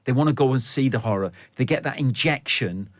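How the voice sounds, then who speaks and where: A man's voice: mid-range voice, brisk, no room sound. A middle-aged man guesting on a radio show, talking at length in a reflective, storytelling way. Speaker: film director guest. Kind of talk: radio interview.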